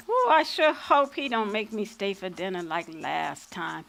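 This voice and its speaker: A woman acting out a proud old freedom fighter in a stage play. She spins folksy tales with a sly, playful edge and doesn't back down an inch. Her pitch sits mid-range for a woman. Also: gravelly, fairly bright tone, a little hiss or hum, heavily acted. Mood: amused. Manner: folksy vernacular storytelling, playful and defiant. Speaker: lead actor.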